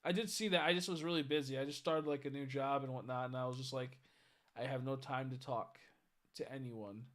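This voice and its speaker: A man's voice: medium pitch, fairly even intonation, fairly quick, a bit bright. A tired man chatting casually on a live stream, rambling and swearing as he greets viewers. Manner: rambling, swearing, stumbles over chat names.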